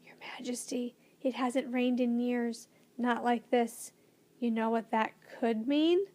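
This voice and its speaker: A woman voicing a loyal male royal adviser in a storybook, speaking with restrained excitement in a measured way. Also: fairly high pitch.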